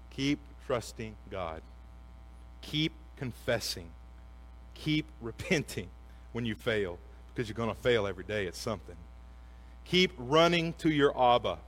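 A man in his forties preaching a sermon, earnest, with slow emphatic phrases that often drop to a soft hush. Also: medium pitch. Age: 40s.

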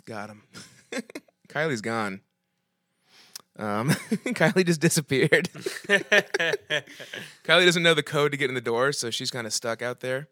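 A playful man hosts a casual comedy podcast, laughing often between lines. His voice is bright and lively, rising and falling a lot. The sound is dry and close. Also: mid-range voice, slow, long pauses, no room sound. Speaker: podcast host.

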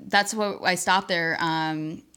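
Low-voiced, bright young woman swearing casually. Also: slow, clean tone. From Buffalo, New York, USA. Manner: relaxed, filler-heavy, swears freely. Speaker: podcast co-host. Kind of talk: casual chat.

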